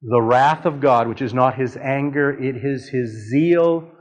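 A man in his fifties preaching a sermon, telling a family story with animated delivery and leaps of voice for dramatic quotes. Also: mid-range voice, unhurried, poor audio.

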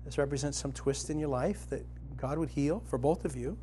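A middle-aged man delivers a sermon in a storytelling way, his voice a touch higher than most men's. He swings from quiet, tender passages to loud, animated retellings. A faint hum sits under the recording. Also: normal speed. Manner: storytelling, grows animated and loud when dramatizing, soft and low when tender. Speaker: preacher.

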